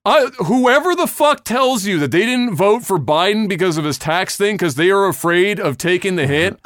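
A man's voice: sits high, animated, normal speed, a bit bright, dry recording, studio quality. A man hosting a casual podcast, ranting bluntly and heatedly with lots of swearing. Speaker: podcast host.

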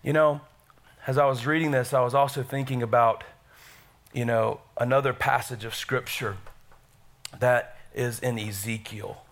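A middle-aged man preaching a sermon in a church, energetic and calling out to the congregation. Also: medium pitch, measured pace. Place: church sanctuary.

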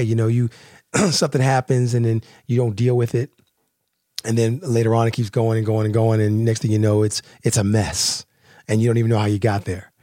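A man's voice: fairly low pitch, darkish tone, no echo, clean studio sound. A man hosting a casual talk on relationships, speaking in a rambling, conversational way with lots of fillers and restarts. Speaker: podcast host.

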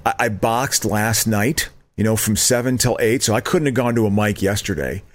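A middle-aged man co-hosting a podcast, rambling in casual chat and jumping into high mock outrage. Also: moderate pace. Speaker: podcast co-host.

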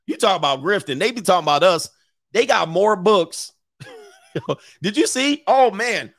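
Gravelly, joking man hosting. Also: high-pitched, sing-song, moderate pace, pauses often, fairly bright tone, no room sound, studio quality. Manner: profane, joking, laughs often. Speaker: host. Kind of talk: casual commentary.

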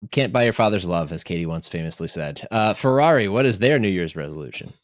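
Brief: man, Midwestern American accent, podcast host, lowish voice that swings widely, playful. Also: animated, quick pace. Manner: playful, moves the talk along. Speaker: podcast host leading segments. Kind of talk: casual sports chat.

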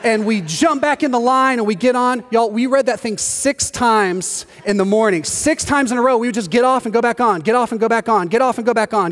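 A man preaching a sermon as pastor, telling stories with animated delivery and acting out the voices of the people in them. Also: extremely high pitch, fairly quick, few pauses. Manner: animated storytelling, acts out quoted voices. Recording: long hall reverb.

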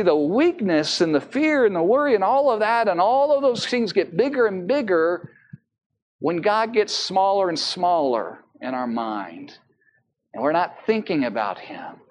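A pastor with an American accent preaches a sermon, speaking earnestly and conversationally and posing rhetorical questions. His voice sits high.

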